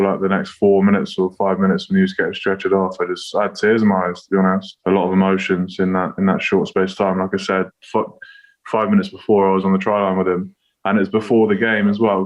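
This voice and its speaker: A man, a rugby player guest, talking bluntly and swearing freely in a casual podcast chat. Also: deep voice.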